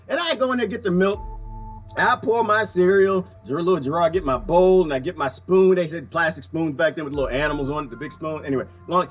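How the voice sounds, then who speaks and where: A man giving casual reaction commentary, animated and preachy, asking the same rhetorical questions again and again. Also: fairly high pitch.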